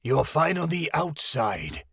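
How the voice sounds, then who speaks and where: A man voicing a wise white tiger guardian with a deep, rough, rumbling voice, calm and measured. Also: no echo, clean studio sound, heavily acted.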